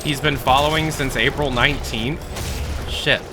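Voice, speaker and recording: A man streaming and chatting casually with viewers, often in low, mumbled asides. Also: steady tone, normal speed, over music.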